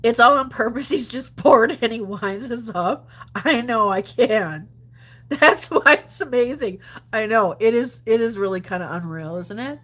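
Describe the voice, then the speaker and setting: A woman's voice: on the high side, unhurried, a bit bright. A woman chatting casually on a livestream, answering viewer comments, laughing often and dropping to mutters and whispers. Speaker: gambling livestreamer.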